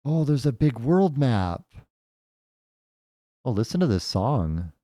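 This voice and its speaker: A man's voice: mid-range voice, very animated, takes it slowly, warm tone, no echo, clean studio sound. A man casually commentating as he plays a game for the first time, thinking aloud with jokey asides. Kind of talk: casual let's-play commentary.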